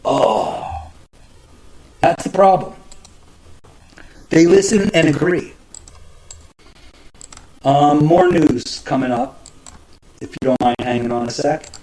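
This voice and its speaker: A man's voice: on the high side, takes it slowly, long pauses, dark tone, rough recording. A man hosting his own show, ranting about the news in a profane, exasperated way, with frequent stumbles and restarts. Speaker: podcast host. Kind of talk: casual ranting commentary.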